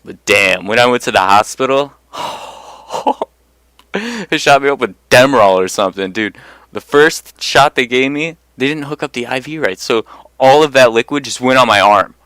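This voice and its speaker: A man's voice: mid-range voice, lively intonation, normal speed, a bit bright, smooth, no echo. A young man telling personal stories in a casual monologue, blunt and profane, getting worked up as he goes. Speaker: vlogger.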